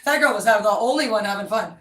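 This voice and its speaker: A woman's voice: medium pitch, expressive, fast talker, a bit bright. A woman telling a long story in a blunt, rambling, profane casual chat. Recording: echoey room, mic at a distance.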